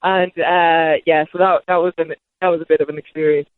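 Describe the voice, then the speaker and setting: A woman's voice: low-pitched, flat delivery, a little fast. Woman in her 30s rambling thru her story, lots of restarts, thin phone-line sound, no room echo. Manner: rambling, self-correcting restarts. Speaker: interview guest. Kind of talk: candid storytelling. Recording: tinny phone-like line, dry.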